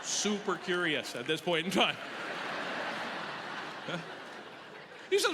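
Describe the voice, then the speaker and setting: A man telling an animated, exaggerated story as a stand-up comedian, often checking in with a quick "right?". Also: high-pitched. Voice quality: animated, exaggerating, tag questions. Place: comedy festival stage in a large hall. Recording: reverberant live hall with audience noise.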